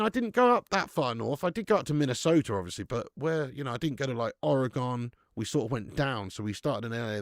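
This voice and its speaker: A young man running a live football watch-along, swearing and chatting with viewers between bursts of excited commentary. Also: medium pitch, vocal fry, no room sound, clean studio sound. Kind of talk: live match commentary and casual chat.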